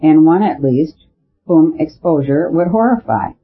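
A man voicing an eager male detective who reasons out loud in a storybook reading. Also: fairly high pitch, expressive, unhurried. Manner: eager, argumentative. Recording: narrow phone-like sound.

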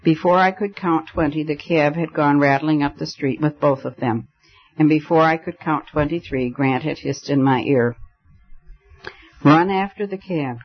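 A man reading a story aloud as audiobook narrator, in steady storytelling delivery. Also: on the high side, normal speed, lo-fi sound. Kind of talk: scripted narration.

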